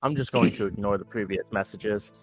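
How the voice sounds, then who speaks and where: A man calmly playing his character in a tabletop game, in a measured, deadpan way. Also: on the low side, slightly rough, no echo, faint music behind. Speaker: player.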